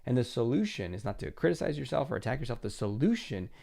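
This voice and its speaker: A self-help podcast host and confidence coach speaks earnestly and directly to the listener, acting out inner voices in quotes. His medium-pitched voice is warm, with vocal fry, and he talks fast and very animatedly.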